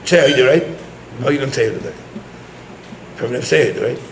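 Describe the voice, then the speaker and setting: A man's voice: mid-range voice, expressive, fast, roomy sound, noisy background. A male rabbi giving a Torah lecture, weaving Hebrew and Yiddish terms into English and questioning listeners directly.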